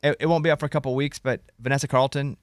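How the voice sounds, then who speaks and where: A man hosting a radio morning show, telling quick joking stories. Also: mid-range voice, fairly even intonation, no echo, clean studio sound. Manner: quick joking storyteller, self-teasing. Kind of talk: casual morning show banter.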